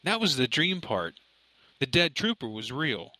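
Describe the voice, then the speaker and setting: A man's voice: medium pitch, very animated, measured pace, bright, forceful tone, no room sound, full character voice, rough recording. A man voicing a distraught, grieving young man who speaks in a shaky, pleading way, close to tears, in an audiobook. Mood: frightened. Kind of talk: audiobook character voice.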